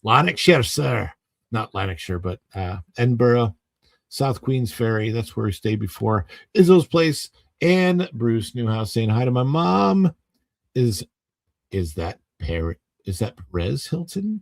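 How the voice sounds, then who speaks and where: Gravelly-voiced man hosting a live stream. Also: medium pitch, expressive, unhurried, no room sound. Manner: chatty, reading viewer names aloud. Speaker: livestream host. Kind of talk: casual live-stream chat.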